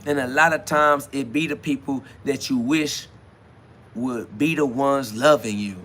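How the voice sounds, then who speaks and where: A man's voice: medium pitch, measured pace, fairly bright tone, a little hiss or hum. A man hosting a solo self-talk podcast, rambling loosely in with frequent laughs. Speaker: podcast host.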